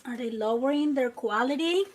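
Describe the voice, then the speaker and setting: A woman hosting a live crafting tutorial, chatty and relaxed, talking to viewers while she works. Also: high-pitched, normal speed, background noise. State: a bit out of breath. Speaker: craft channel host.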